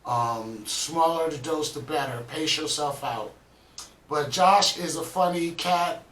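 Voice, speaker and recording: A man's voice: a little high, slow, fairly bright tone, roomy sound, far from the mic, slight background noise, poor audio. A man casually chatting as host of a reaction video, laid-back and rambling with lots of "um" and "man". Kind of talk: casual chat.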